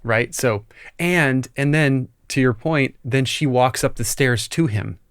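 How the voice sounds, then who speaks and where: Smooth-voiced man thinking aloud about film. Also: mid-range voice, takes it slowly, dry recording, studio quality. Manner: eager, thinks aloud with many "like"s. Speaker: podcast co-host, film reviewer. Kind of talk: casual film-analysis chat.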